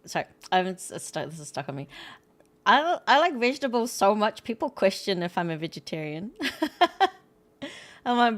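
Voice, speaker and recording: A woman's voice: mid-range voice, lively intonation, normal speed. A woman chatting casually and laughing while she reacts to a language lesson, breaking in with asides. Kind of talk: casual chat.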